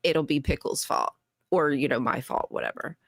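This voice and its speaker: A woman who is a guest on a talk show, telling a story in an animated, exasperated way with frequent laughs. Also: low voice, moderate pace, creaky, no room sound, clean studio sound. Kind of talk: casual chat.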